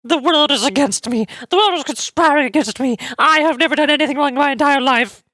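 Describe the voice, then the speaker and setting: Woman voicing a high, whiny sore-loser girl from a game story, ranting, dry close mic. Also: fast, pushed and bright, no echo. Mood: aggrieved.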